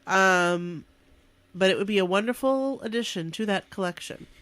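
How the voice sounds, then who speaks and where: A woman's voice: medium pitch, expressive, normal speed, fairly bright tone. A woman co-hosting a casual podcast, playful and teasing, echoing her co-host's lines back to her. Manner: playful, echoes and teases her co-host. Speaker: podcast co-host.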